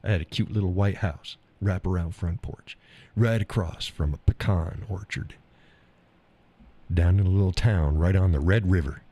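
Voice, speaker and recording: A man's voice: low-pitched, normal speed, warm tone. A middle-aged man with an Oklahoma accent, hosting a live stream and chatting casually about the chat messages, teasing and laughing often.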